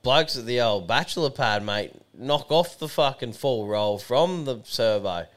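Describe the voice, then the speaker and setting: Man, co-host, laid-back, crude, animated pitch. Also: measured pace. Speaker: podcast co-host. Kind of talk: casual chat.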